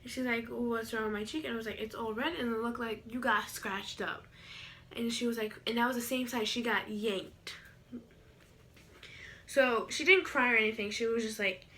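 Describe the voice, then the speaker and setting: A woman's voice: fairly high pitch, sharp tone, slight background noise. A teenage girl telling a story to camera in a rambling, casual vlog style, full of fillers. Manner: rambling, filler-heavy retelling. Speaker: vlogger.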